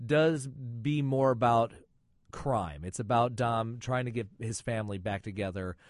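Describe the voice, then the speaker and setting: A man's voice: medium pitch, measured pace, dry recording, studio quality. A man reviewing films and chatting on the radio, with chatty joking asides. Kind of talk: casual radio chat.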